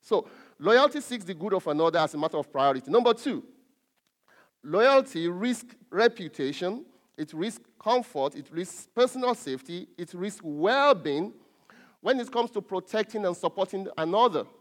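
A man preaches a sermon in a fairly high voice. He leans hard on key words and draws them out, often stopping on fillers and restarting. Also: lively intonation. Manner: emphatic, drawn-out stresses with frequent fillers and restarts.

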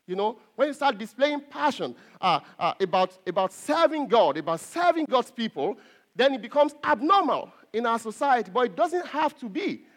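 A pastor preaching an earnest sermon to his congregation, repeating phrases and pausing on fillers. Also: very high voice, very animated, fairly bright tone.

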